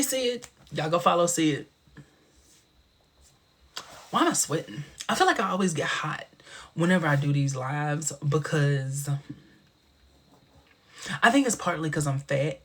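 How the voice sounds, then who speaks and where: A sassy man chatting casually on a live stream, his voice swooping all over the place. He talks slowly and draws out his words, with a husky edge to the tone and a big booming laugh. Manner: sassy, chatty, drawn-out expressive delivery.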